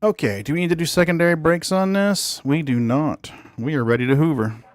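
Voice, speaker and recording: A man's voice: on the high side, a little fast, no room sound. A man streaming a space game, chatting casually as he plays and talks to his cats. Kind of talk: casual gameplay commentary.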